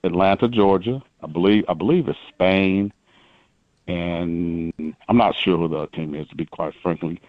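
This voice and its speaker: A man's voice: low-pitched, moderate pace, dry recording, lo-fi sound. A man hosting a radio show in bantering talk, stressing the last word of each sentence.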